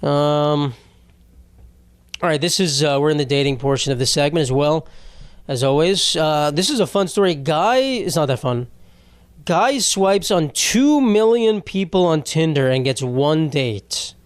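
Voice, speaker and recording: Rambling, profane podcast host, dry sound. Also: male voice, fairly high pitch, animated, measured pace, clean tone, no echo. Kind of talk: casual solo podcast chat.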